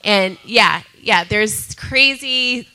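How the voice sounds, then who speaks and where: A woman sharing a personal testimony with a group, talking in an animated way and often breaking into laughter. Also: mid-range voice, extremely slow, smooth, low-quality recording. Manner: laughs often, excitable, repeats herself.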